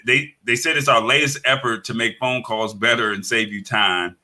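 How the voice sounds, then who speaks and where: Male tech commentator, very bright tone, casual live chat, halting and full of fillers. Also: mid-range voice, steady tone. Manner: halting, many fillers and restarts.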